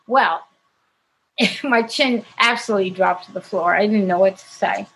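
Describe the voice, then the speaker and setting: Woman, actress guest on a video-call interview; husky, chatty storyteller who laughs a lot. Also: mid-range voice, measured pace, fairly bright tone, rough recording. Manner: chatty, laughs often while telling stories. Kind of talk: casual anecdote telling.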